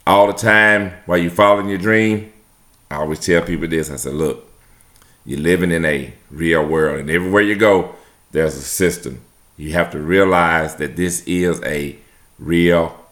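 A man with a very low voice gives an earnest motivational talk. He speaks plainly and directly to his listeners. He drives his points home by repeating short phrases. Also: a bit bright.

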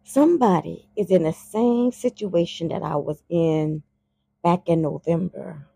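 A woman's voice: fairly low pitch, a little slow, creaky, husky, no echo. A woman, talking in a blunt, profane, casual monologue as a podcast host. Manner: blunt and profane, heated and animated when worked up.

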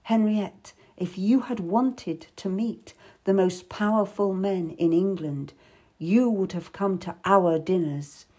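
A woman's voice: mid-range voice, slow, darkish tone, slightly rough. A woman voicing a worldly, tough middle-aged lady courtier who speaks wistfully and with sudden bitterness, for an audiobook. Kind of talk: audiobook character voice.

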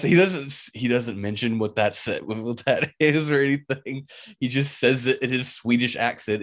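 A man's voice: medium pitch, moderate pace. A man co-hosting a casual movie discussion podcast, laughing often and acting out lines from scenes. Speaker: podcast co-host.

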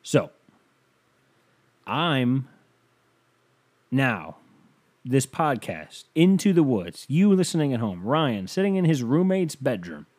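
A man's voice: medium pitch, big pitch swings, slow pace, long pauses, darkish tone. A man hosting his own podcast, doing a joking, crude, hyped-up ad read from a bedroom at home. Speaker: podcast host. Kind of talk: comedic ad read.

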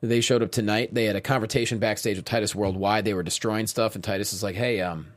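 A man's voice: on the low side, quick pace. Chatty male wrestling show co-host. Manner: relaxed and chatty, trailing off mid-sentence. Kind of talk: casual chat.

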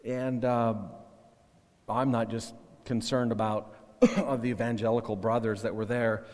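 A man preaching a sermon as pastor, earnest and halting, often repeating and restarting words. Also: medium pitch, level tone, big-room sound.

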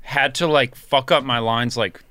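A man with a bright, forceful voice tells an animated story in casual chat, swearing freely and acting out what people said. The sound is close and dry, with no room around it. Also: medium pitch, measured pace, no echo.

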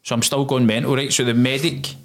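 A man's voice: mid-range voice, fairly quick. A man, a former soldier telling his story in a casual interview and acting out the voices of those involved. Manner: animated storyteller, acts out quoted dialogue, swears.

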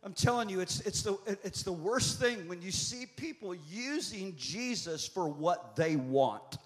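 Pastor in his fifties, a man with a very high voice, fervent and repetitive delivery. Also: animated, a little slow. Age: 50s. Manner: impassioned, repetitive preaching cadence. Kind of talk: prophetic sermon.

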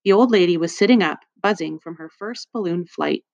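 A woman's voice: fairly low pitch, brisk, gravelly, no echo. Woman reading a children's audiobook. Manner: lively storytelling. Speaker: audiobook reader.

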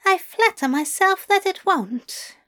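A woman's voice: very high voice, lively intonation, slow pace, a bit bright, voice pushed up, heavily acted. A woman voicing a prim, fussy male angel who teases in a genteel, breathless way. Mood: smug.

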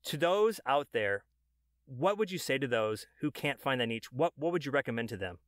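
A man's voice: medium pitch, expressive, moderate pace, no echo, clean studio sound. A man hosting an interview about voiceover, asking earnest questions with some stumbling restarts. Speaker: podcast host. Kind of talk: casual interview chat.

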